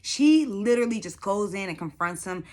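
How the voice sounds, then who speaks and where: A woman hosting a casual reality show recap, animated and slangy with plenty of profanity. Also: mid-range voice, moderate pace.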